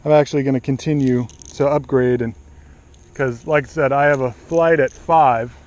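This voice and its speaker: A man filming a casual fishing vlog outdoors by a pond, chatting excitedly to the camera on an action-camera mic. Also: mid-range voice, normal speed, highs cut off. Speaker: fishing vlogger. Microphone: action camera or DSLR mic.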